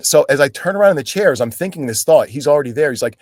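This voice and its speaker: A middle-aged actor on as a guest talks fast in a slightly high voice, telling casual stories and acting out each person's voice with animation. The studio sound is clean with no echo.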